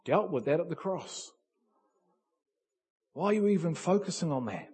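A man preaching a sermon, swinging between hushed lines and loud cries and acting out little dialogues. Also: fairly high pitch, expressive, moderate pace, husky.

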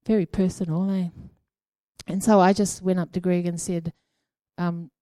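A woman sharing her prophetic experiences at a church gathering, speaking in a halting, conversational way with many ums and a habitual "eh?". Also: fairly low pitch, flat delivery, dark tone, dry recording. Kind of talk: informal church teaching talk.

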